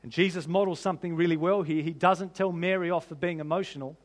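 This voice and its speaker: Male pastor, high voice, conversational sermon delivery with questions to the room. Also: fairly even intonation, fast. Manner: conversational preaching with rhetorical questions to the congregation.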